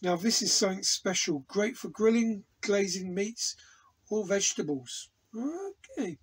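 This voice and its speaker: An English man with a high, sing-song, husky voice speaks a little slowly, and the audio is poor. Tasting aloud in a home studio for a casual product review vlog, he reviews hot sauce with rambling enthusiasm.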